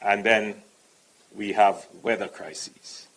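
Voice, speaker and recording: A Jamaican man, a politician, making formal public remarks in a measured, deliberate way. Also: fairly low pitch, level tone, fairly bright tone, poor audio.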